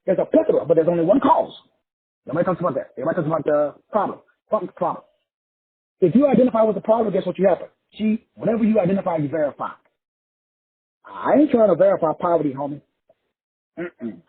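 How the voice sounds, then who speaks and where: Speaking quickly but with long pauses, a man from Texas rolls through a profane, emphatic motivational monologue, repeating phrases for effect. His voice is high-pitched and breathy-edged with lively intonation. The audio is tinny, as if from a phone.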